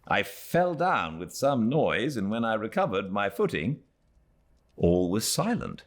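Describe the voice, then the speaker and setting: Deep, slow British storyteller. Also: male voice. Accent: British English. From Britain. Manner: expressive storytelling. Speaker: audiobook narrator. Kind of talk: scripted narration of a classic novel. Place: home beside a fireplace.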